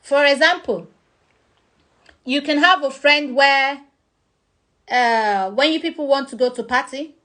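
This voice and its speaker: A woman's voice: high voice, measured pace, pauses often, fairly bright tone. A woman with a Nigerian accent explaining a topic in a chatty vlog, acting out examples. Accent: Nigerian English. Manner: chatty, uses acted-out examples. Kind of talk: casual explanatory talk.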